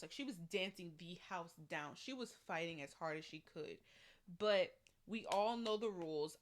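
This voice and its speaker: A young woman giving an animated, slangy recap of a reality show, acting out the quotes as she goes. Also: on the low side. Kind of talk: casual recap vlog.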